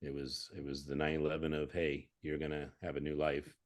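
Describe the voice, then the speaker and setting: A man with an extremely deep voice speaks as a guest over a video call. He tells his stories in an earnest, calm, self-assured way. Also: fairly quick. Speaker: guest entrepreneur. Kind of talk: conversational interview.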